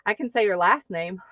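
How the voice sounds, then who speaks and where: A high-voiced woman greets her livestream viewers in a bubbly, playful way. She talks slowly, and her voice sounds dry and slightly muffled. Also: a bit bright, no echo. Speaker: livestream host.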